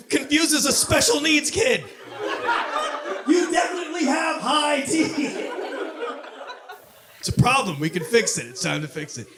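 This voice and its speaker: Dude from socal doing standup on a club stage, pretty high voice, gets loud on the punchlines, noisy live recording. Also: male voice. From Southern California. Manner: punchy delivery that builds to shouted punchlines. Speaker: stand-up comedian. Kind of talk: stand-up comedy set. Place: comedy club stage with laughing audience.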